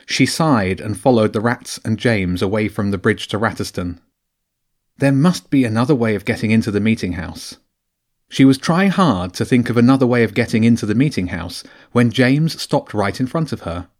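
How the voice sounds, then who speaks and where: A man narrating a children's adventure audiobook with a lively, expressive reading. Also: lowish voice, normal speed. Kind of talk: storybook narration.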